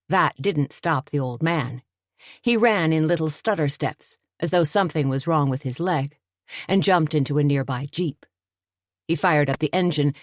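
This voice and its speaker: A woman narrating an audiobook in a steady, measured storytelling voice. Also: low-pitched, no echo, clean studio sound.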